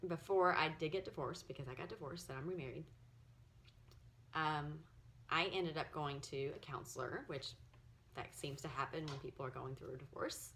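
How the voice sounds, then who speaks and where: A woman in her forties sharing her personal story in a halting, earnest way, at times close to tears. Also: sits low, fairly bright tone. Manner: earnest, halting, emotional, often near tears. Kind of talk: personal testimony to camera.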